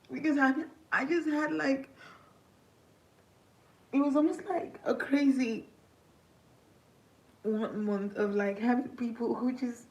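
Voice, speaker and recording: A woman's voice: high voice, steady tone, darkish tone, rough recording. Tearful young woman livestreaming. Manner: tearful, halting, grateful. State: crying. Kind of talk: emotional livestream to viewers.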